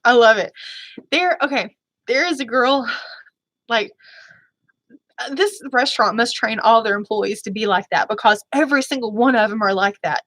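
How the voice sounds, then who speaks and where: A woman beauty vlogger talks casually to her viewers, rambling and apologizing often. Her voice sits a little high and sounds bright and forward. The recording is close and dry, with no room sound. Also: no room sound. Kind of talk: casual chat.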